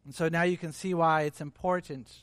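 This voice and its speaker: A man preaching a sermon in a relaxed, conversational way, acting out the voices of people he describes. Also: on the high side, brisk, no echo. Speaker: pastor.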